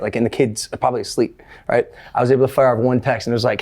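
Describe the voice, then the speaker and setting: A man's voice: mid-range voice, fairly quick. A man hosting a podcast, telling a story in a casual, rambling way with lots of fillers. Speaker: podcast host.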